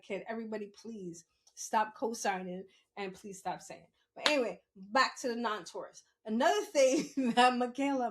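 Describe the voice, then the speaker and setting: A middle-aged woman, telling stories in a casual monologue, animated and laughing often as she acts out what people said. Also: fairly high pitch. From New York City. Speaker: podcast host.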